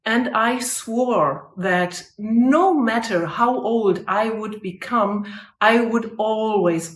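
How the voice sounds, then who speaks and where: A life coach and motivational speaker in her fifties tells a personal story to camera, earnest and heartfelt. Her voice is mid-range, and the room sounds echoey.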